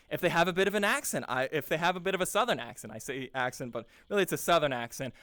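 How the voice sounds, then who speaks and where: A man's voice: on the high side, fast talker, few pauses, a bit bright, clear, resonant tone, no room sound, clean studio sound. A young man, an improv teacher, talking casually and earnestly with lots of restarts and repeated words. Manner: earnest, enthusiastic, repeats words while searching. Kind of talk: casual rambling monologue.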